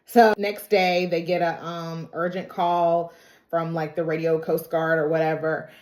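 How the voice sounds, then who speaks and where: A woman with a lowish voice tells a TV story in a casual, emotional vlog style, with dramatic asides. She sounds a bit stuffy from crying. The room gives her voice a clear echo. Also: level tone, unhurried, darkish tone. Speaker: TV recap reviewer.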